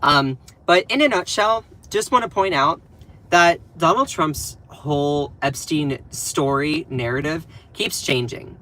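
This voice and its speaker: A man's voice: on the high side, unhurried, sharp tone. A man with a Southern US accent giving casual live-stream commentary, emphatic and repeating phrases for stress.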